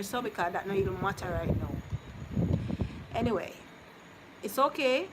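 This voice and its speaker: Woman streamer, mid-pitched, chatty and consoling, noisy background, live vlog. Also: animated, normal speed, long pauses. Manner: chatty, consoling then teasing, drifts between topics. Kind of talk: casual live-stream chat with viewers. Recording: noticeable background noise.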